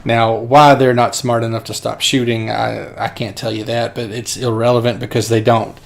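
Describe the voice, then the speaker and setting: A man's voice: medium pitch, flat delivery, normal speed, vocal fry. Man retelling a movie scene, chatty. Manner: chatty storytelling, laughs often. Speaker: podcast co-host. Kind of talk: casual film discussion.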